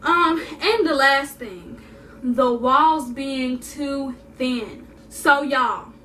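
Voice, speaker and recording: Sassy high-voiced young woman vlogger. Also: very slow, far from the mic, slight background noise. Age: young adult. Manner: animated, sassy, repeats for emphasis. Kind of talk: casual storytime vlog.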